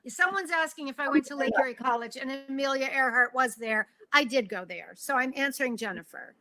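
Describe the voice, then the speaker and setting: High, bright woman chatting on a video call. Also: a little fast. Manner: conversational, asks and reads out questions. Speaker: author co-host. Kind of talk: conversational book event on a video call.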